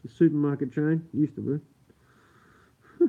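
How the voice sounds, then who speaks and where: A man's voice: fairly high pitch, fairly even intonation, a little slow. Australian man on a tinny live stream. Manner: chatty, swears freely, laughs often; keeps his voice down. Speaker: livestream host. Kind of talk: casual live-stream chat with viewers. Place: home at night. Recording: tinny phone-like sound.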